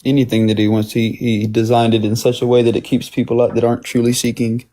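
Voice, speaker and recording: A man's voice: mid-range voice, completely flat delivery, quick pace, mellow. A man calling in who earnestly explains and defends his faith in a casual debate.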